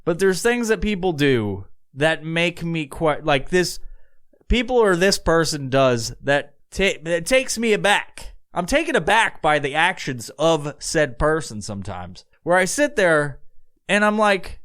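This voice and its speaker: Male podcast host, slightly high voice, loose rambling monologue, swears a lot, laughs between thoughts. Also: sing-song, a little slow, a bit bright. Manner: rambling, profane, laughs often. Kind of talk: casual monologue.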